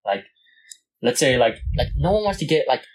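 A man's voice: mid-range voice, sing-song, moderate pace, husky, poor audio. A young man in casual chat, rambling through a story with lots of fillers and restarts.

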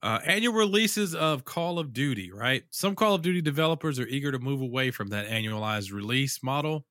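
Male co-host, animated pitch, dry mic, chatty news reader. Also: brisk, no echo. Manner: lively, chatty, reads headlines with asides. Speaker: podcast co-host. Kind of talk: casual chat, reading gaming news.

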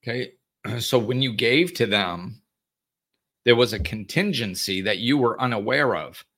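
A man's voice: mid-range voice, unhurried, fairly bright tone. A man hosting a spiritual advice show, talking casually and acting out back-and-forth conversations with people. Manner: conversational, acts out dialogues with others. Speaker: host.

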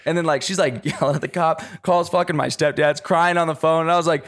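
A young man from Las Vegas telling stories in casual podcast chat, animated, swearing often and laughing as he talks. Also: a little high, fast talker, hardly any pauses.

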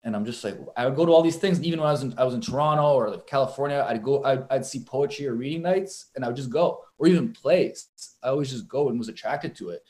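A man's voice: medium pitch, fast talker, few pauses, a little mellow. A young man, a boxer and poet, talking casually in an interview, telling rambling stories full of fillers and swearing. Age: young adult. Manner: rambling, profane storytelling with many fillers. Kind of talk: casual conversation.

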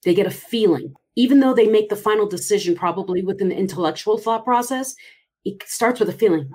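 An animated woman coach talks through how to sound friendlier, with a lively, expressive delivery. She speaks over a video call from a home computer mic, in an easy conversational tone. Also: medium pitch, fairly quick, a little hiss or hum. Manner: animated, expressive, by her own account. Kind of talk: casual advice chat over a video call.

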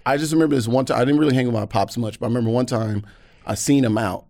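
Racing along at medium pitch, a man chats casually as a podcast guest, recorded dry with studio quality. His stories come alive as he performs the voices of the people he quotes.

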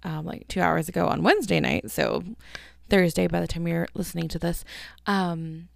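A young woman hosts her own podcast, talking loosely and warmly to listeners as if catching up with a friend. Her voice sits low with a gravelly fry, and her speech is packed with "like" and "um" as she gushes. The sound is dry and close, with no room around it. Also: moderate pace, dry recording. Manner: chatty, filler-heavy, 'like' and 'um' everywhere; gushing and affectionate with listeners. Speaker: podcast host. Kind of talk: casual solo podcast chat.

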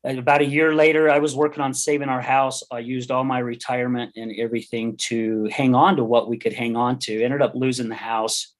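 A man's voice: medium pitch, little pitch movement, brisk, few pauses. A middle-aged man telling his personal story as a podcast guest, earnest, heartfelt and candid. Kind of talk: personal testimony in an interview.

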